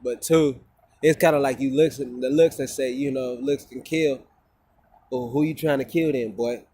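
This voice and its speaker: A man's voice: medium pitch, steady tone, normal speed, mellow, slightly rough. A man talking casually to his phone camera outdoors, rambling and profane, often repeating himself. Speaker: vlogger.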